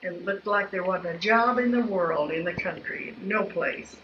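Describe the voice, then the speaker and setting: A woman's voice: lowish voice, normal speed, noisy background. An older woman recalling family memories in a meandering, folksy way, often restarting her sentences. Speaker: interviewee telling family memories. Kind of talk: rambling oral history storytelling. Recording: dull lo-fi home tape with faint ambience.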